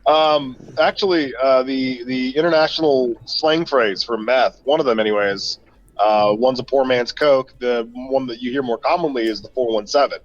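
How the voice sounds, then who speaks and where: A man from Missouri on an online call, explaining things in a rambling, halting way with lots of fillers. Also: mid-range voice. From Missouri, USA. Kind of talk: casual chat. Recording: dull lo-fi call audio.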